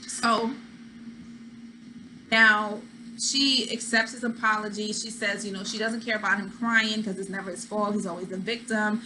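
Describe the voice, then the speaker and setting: Hosting a reality TV recap, a woman delivers casual, opinionated commentary and acts out what people said, chatting all the while. Her mid-range voice is pushed and bright with fairly even intonation at a moderate pace, and the rough recording carries slight background noise.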